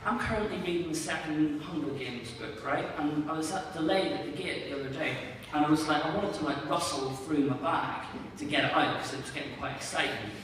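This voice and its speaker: A man's voice: fairly high pitch, fairly quick, hardly any pauses, fairly bright tone, slight background noise. A young man with a Northern Irish accent doing a rambling, sardonic stand-up comedy set in a small venue. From Northern Ireland. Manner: rambling, self-deprecating, sardonic asides. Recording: distant mic, echoey hall, audience laughter.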